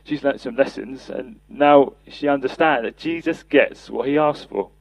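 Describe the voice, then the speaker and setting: A man's voice: medium pitch, moderate pace, gravelly, no echo. An earnest man preaches a sermon, lifting his voice whenever he quotes scripture. The sound is dry, with no room around it, and slightly dull, like a lo-fi podcast recording. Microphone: podcast mic.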